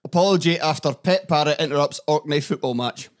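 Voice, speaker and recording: Dry guy, bit high voice, deadpan one-liners. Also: a little fast. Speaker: podcast guest. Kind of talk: casual chat.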